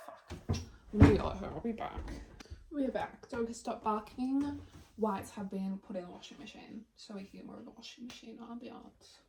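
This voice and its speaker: A young woman chatting in a casual home vlog, playful and self-deprecating, swearing casually. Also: mid-range voice. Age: young adult. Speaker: vlogger. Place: bedroom at home. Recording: roomy home recording, mic at a distance, clear background noise.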